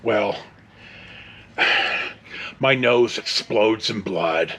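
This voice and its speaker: A middle-aged man hosts his own show, telling a story in a casual, rambling way full of fillers and restarts, chuckling now and then. His lowish voice is a bit bright with a breathy edge, and he speaks extremely slowly.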